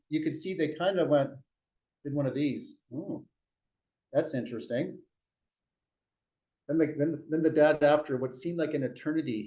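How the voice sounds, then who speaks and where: A man leading a real estate sales meeting, telling a story in an animated coaching tone and often restarting his phrases. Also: on the high side. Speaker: real estate team leader.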